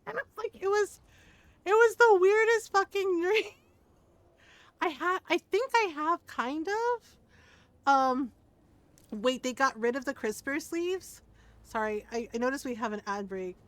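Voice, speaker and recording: A woman game streamer chatting casually with her viewers, telling a story in an animated way, laughing often and swearing now and then. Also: high-pitched, a little slow, long pauses, dry recording.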